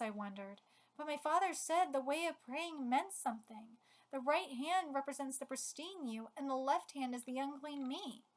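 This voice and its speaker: A woman reading the lines of an enemy soldier who is a loving father, in a quiet, confessional way. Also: high-pitched.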